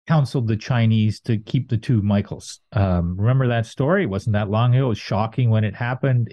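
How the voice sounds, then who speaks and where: A man's voice: lowish voice, warm tone, dry recording. A middle-aged man giving thoughtful political commentary, hedging often with fillers.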